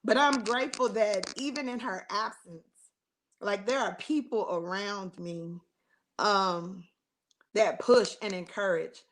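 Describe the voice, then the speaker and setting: A woman's voice: mid-range voice, slow, a bit bright, rough recording. A woman guest artist on a video call, speaking earnestly and gratefully with hesitant ums. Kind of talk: casual panel chat.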